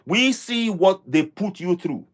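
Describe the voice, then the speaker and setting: A man's voice: sits high, sing-song, measured pace. A man from Africa hosting a live stream, commenting on a clip in a rambling way with many fillers and restarts. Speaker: livestream host.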